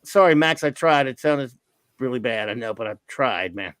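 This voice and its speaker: Man, livestream host, dry close mic, lots of swing in his pitch. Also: normal speed, no echo. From Louisiana, US. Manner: animated, breaks into a Cajun impression. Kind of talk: casual livestream chat.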